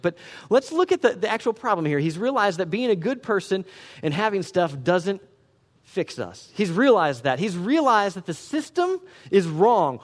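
A man, a pastor, preaching a sermon with animated swings between loud emphatic peaks and quiet asides, acting out the voices of people he quotes. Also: medium pitch. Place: church sanctuary. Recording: long reverb of a church hall.

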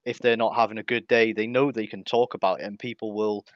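A man chatting on a podcast, hesitant and soft-spoken. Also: fairly low pitch, steady tone, fast, dry recording. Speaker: community co-founder. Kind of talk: casual podcast chat. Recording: dry, dull lo-fi audio.

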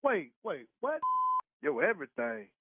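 A man's voice: a little high, wildly swooping pitch, unhurried, background noise. A man on a phone call who stammers, repeats himself and swears as he gets heated. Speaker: prank call target. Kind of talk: phone conversation. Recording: tinny phone line.

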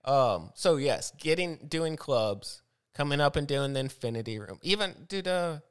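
A man who is a comedian, chatting casually, laughing often and swearing as he tells animated stories. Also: on the high side, moderate pace, clear, resonant tone. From Arizona. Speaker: comedian podcast host. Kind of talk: casual chat.

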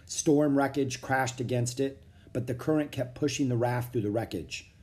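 A man narrating a children's chapter book aloud in a steady, expressive reading. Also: mid-range voice, moderate pace. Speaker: audiobook narrator. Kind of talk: storybook read-aloud.

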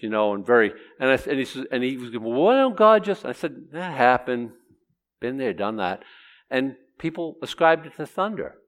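Medium in pitch and fairly bright in tone, a man teaches a conversational Bible lesson. He keeps it chatty, asks listeners questions, and acts out the quotes he reads aloud.

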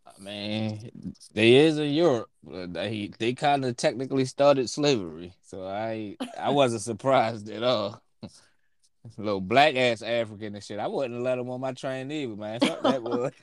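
A man's voice: mid-range voice, unhurried, no echo. A man trading crude jokes and slang in a casual podcast chat. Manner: crude, joking, heavy slang.

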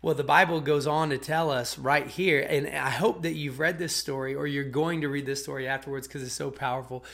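A man preaches casually, retelling a Bible story and frequently checking in with "okay?" and "right?" while repeating and restarting words. His medium-pitched voice is fairly even and bright, a little fast with vocal fry and few pauses.

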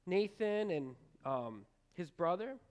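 This woman preaches slowly in a lowish, smooth voice with a darkish tone, yet her delivery is animated. It's a rambling, conversational sermon aimed directly at the congregation, folksy in style and dotted with fillers and restarts.

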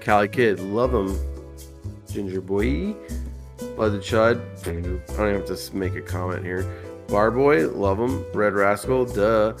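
A man's voice: lowish voice, a little slow, over music. A drunk man co-hosting a podcast, rambling and swearing in casual chat. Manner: rambling, profane. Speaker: podcast co-host.

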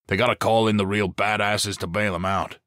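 A man's voice: lowish voice, steady tone, brisk, a bit bright, dry recording, studio quality, close to an everyday voice. A man voicing a cocky, joking SWAT officer in an audiobook. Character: bearded male SWAT officer, swaggering.

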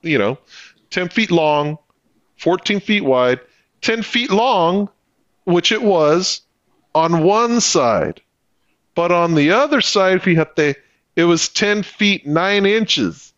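Animated, high-pitched swearing storyteller man. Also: takes it slowly, no room sound, dull audio. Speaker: podcast co-host. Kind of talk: casual profane storytelling.

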